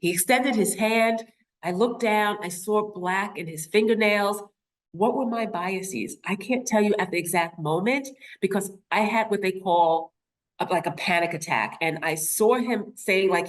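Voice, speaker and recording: A woman's voice: medium pitch, measured pace. Nurse lady in her 50s telling a story, asks the crowd questions, does little voices for people. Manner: storytelling, acts out quoted voices, rhetorical questions. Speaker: nurse speaker. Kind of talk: personal story in a talk.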